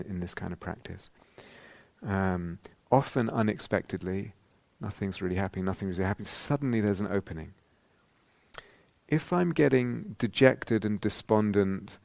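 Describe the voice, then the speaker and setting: A middle-aged male meditation teacher speaks in a low, gravelly voice, close and dry with no room sound. He talks in a reflective, searching way, full of ums and questions posed to himself. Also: darkish tone, dry recording. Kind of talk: dharma talk.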